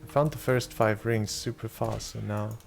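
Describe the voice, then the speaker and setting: A man's voice: lowish voice, steady tone, moderate pace, vocal fry, faint music behind. German man streaming, chatty and casual. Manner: loose, chatty, reads and answers chat, swears casually. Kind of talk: casual live-stream chat.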